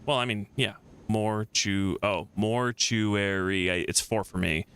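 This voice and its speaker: A man's voice: lowish voice, moderate pace, fairly bright tone, clean tone. A man streaming a game playthrough, chatting playfully, laughing and reading game text aloud. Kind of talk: casual game playthrough commentary.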